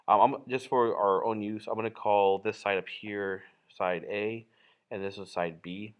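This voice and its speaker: A man's voice: fairly low pitch, steady tone, unhurried, clean tone, lo-fi sound. A man teaching a geometry lesson while drawing, in a casual, explanatory way with frequent fillers and self-corrections. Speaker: math teacher.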